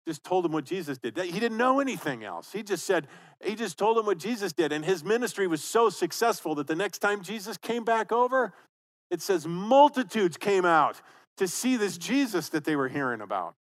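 A man's voice: high-pitched, very animated, normal speed. A man preaching a sermon as pastor, conversational and emphatic, repeating phrases for stress.

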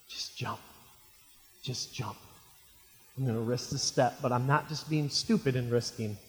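A man in his thirties, a pastor preaching a sermon, asking the congregation questions and swinging between loud outbursts and quiet, hushed lines. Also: medium pitch. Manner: preaching with call-and-response questions, voice swinging from shouts to near hush. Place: church sanctuary. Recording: long hall reverb of a church.

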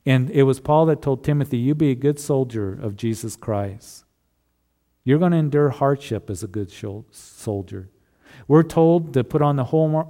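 Mellow-voiced pastor preaching conversationally. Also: male voice, medium pitch. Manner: conversational, rhetorical tag questions. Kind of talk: sermon.

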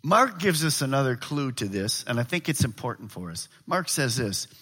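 A middle-aged male pastor preaching a sermon, swinging from loud to hushed. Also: mid-range voice, very animated, moderate pace, husky.

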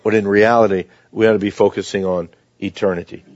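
A man's voice: lowish voice, flat delivery, quick pace, a little mellow, no room sound. A man preaching a sermon, reading scripture aloud and then explaining it in plain conversational words. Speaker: pastor. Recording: dull, dry lo-fi sound.

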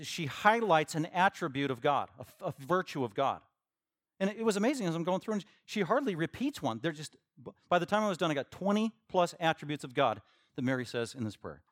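A man preaching a verse-by-verse sermon as pastor, shifting from quiet teaching to loud, emphatic bursts. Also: sing-song, brisk, no room sound, studio quality. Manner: acts out imagined listeners in a higher voice. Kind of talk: expository sermon.

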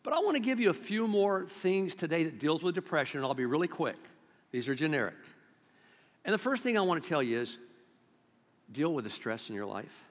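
A man in his seventies preaching a sermon as pastor, swinging between loud exclamations and hushed low-key talk. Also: sing-song, brisk. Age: 70s. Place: church sanctuary. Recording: long reverb of a church hall.

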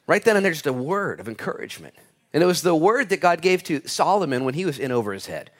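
A man preaching a sermon in church, shifting from loud exclamations to quiet asides and telling stories with humor. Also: fairly high pitch, big pitch swings, fast talker. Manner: storytelling with humor and laughter. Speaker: pastor.

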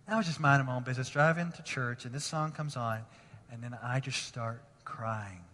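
Impassioned male pastor, bright voice, echoing hall. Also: mid-range voice, normal speed. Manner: impassioned, swinging from hushed to emphatic. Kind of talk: sermon. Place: church sanctuary. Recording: long reverb of a large hall.

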